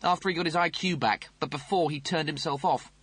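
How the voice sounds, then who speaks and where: A man's voice: on the high side, fairly even intonation, brisk, fairly bright tone, breathy edge, no room sound, voice pushed up. A man voicing a pompous, snappish male officer, fussy and indignant, in a storybook reading. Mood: exasperated.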